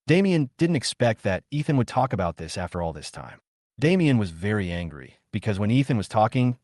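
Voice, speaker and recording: A man giving a scripted story narration, telling it in a quick, even way. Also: on the low side, no echo, clean studio sound.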